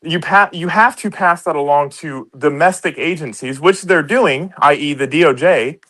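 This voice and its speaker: A man's voice: fairly high pitch, normal speed, pushed and bright, rough recording. A man co-hosting a heated political debate, combative and profane, often talking over the others. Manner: combative, swears a lot, talks over others. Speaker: podcast co-host.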